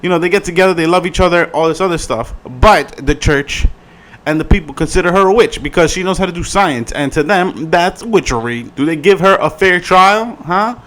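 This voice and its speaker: Give me a man with a fairly high voice, swearing through a casual slangy review. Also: brisk. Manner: profane, animated, slangy. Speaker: video reviewer.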